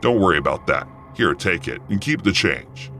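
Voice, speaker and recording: A man's voice: sits low, very animated, normal speed, vocal fry, sharp tone, faint music behind, full character voice. Man voicing a brusque, foul-mouthed truck driver. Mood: calmer, apologetic. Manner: brusque, cursing.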